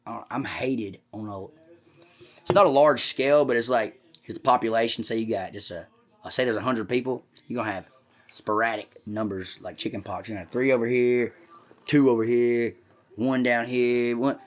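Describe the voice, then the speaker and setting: A man telling a rambling, profane story on a comedy podcast. He talks loudly and swears constantly. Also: mid-range voice, fairly even intonation, moderate pace. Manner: talks loud. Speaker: podcast host.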